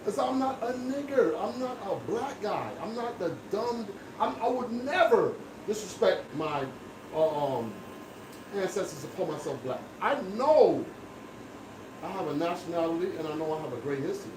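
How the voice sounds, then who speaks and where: A man with a fairly high voice holds forth in an emphatic, lecturing way during casual barbershop chat. The sound is roomy and echoing, with clear background noise from the shop around him. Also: very animated, moderate pace, far from the mic. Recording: echoey room with background noise.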